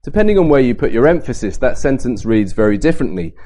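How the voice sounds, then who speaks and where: A man giving a Bible talk at a camp, lively and varying his pace and emphasis to make points. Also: mid-range voice, fast talker. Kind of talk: sermon to a youth camp.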